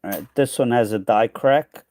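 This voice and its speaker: A man's voice: mid-range voice, normal speed, darkish tone, no room sound. A man hosting a casual coin hunting stream, thinking aloud and trailing off, tired and losing his voice. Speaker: coin hunting channel host. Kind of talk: casual livestream chat while sorting coins.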